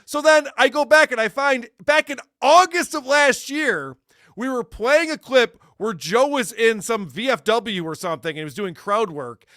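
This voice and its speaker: A man's voice: very high-pitched, animated, normal speed, pushed and bright, no room sound. Sarcastic podcast guy ranting and cursing, dry close mic, no room sound. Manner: ranting, sarcastic, swears a lot. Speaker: podcast co-host. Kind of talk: casual comedy podcast chat.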